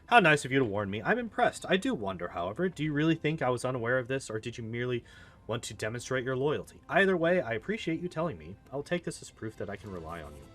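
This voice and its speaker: A man's voice: mid-range voice, big pitch swings, fast talker, fairly bright tone. A man reading aloud as a haughty, scornful female demon queen in a video game, cold and mocking, with faint music behind. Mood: regal.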